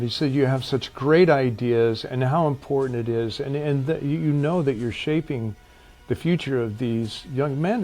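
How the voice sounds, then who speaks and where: Man, actor guest, earnest, emphatic, repeats phrases, mid-pitched voice, faint music behind. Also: darkish tone. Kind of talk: casual conversation.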